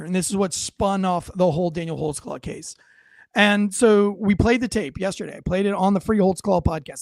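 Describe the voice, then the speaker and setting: High-pitched guy ranting on his podcast, super emphatic, keeps restarting lines, dry close sound. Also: no echo. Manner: emphatic, repeats and restarts phrases. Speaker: podcast host. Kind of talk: heated commentary.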